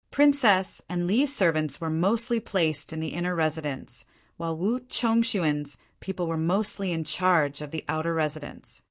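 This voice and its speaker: Woman narrator with a lower voice reading a novel in steady, scripted narration. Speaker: audiobook narrator.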